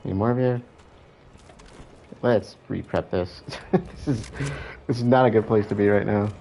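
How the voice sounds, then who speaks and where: A man with a fairly low voice giving casual gameplay commentary. He chats, reacts to what's on screen and swears freely. Some faint ambience sits behind him. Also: moderate pace, vocal fry, mellow, a little hiss or hum, rough recording. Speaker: let's play host.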